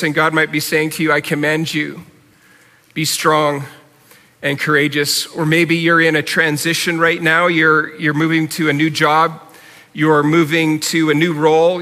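Earnest pastor in a reverberant hall. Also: male voice, a little high, completely flat delivery, normal speed, sharp tone. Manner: earnest, conversational preaching with repeated appeals. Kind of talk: sermon.

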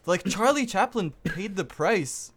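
A man with a somewhat high voice arguing his point in a loose conversation. He talks emphatically and leans into exaggeration, swearing casually. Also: animated, measured pace, a bit bright, slightly rough. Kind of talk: casual political chat.

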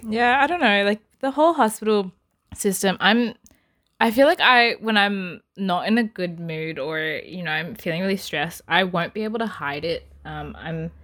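A young woman, a medical student co-hosting a casual chat, expressive and full of "like" fillers. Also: medium pitch, normal speed. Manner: expressive, filler-heavy chatter.

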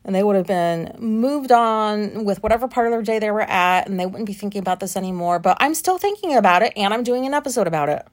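A woman's voice: medium pitch, expressive, fast talker, hardly any pauses. A woman in her late thirties, an anxious and frustrated podcast host, venting in a rambling monologue that is full of swearing and fillers. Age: late 30s. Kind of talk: casual solo podcast monologue.

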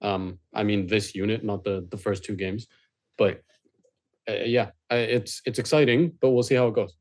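Man, low voice, podcast co-host, casual football chat, measured, thinking aloud. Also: steady tone, a little mellow.

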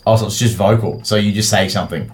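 Man as casual game master. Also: fairly low pitch. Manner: casual, laughing, quick bursts of excitement. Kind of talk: narrating a tabletop game.

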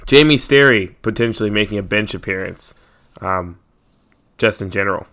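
An American man co-hosts a podcast, chatting casually and filling his speech with lots of ums and likes. His voice is fairly low, with a bright, forceful tone, and he talks at a normal speed.

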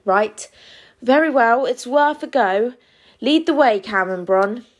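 A jolly old Father Christmas from a storybook, read by a woman, kindly but firmly in charge. His cheerful orders come out on the high side. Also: lively intonation, slow pace. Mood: brisk, jolly.

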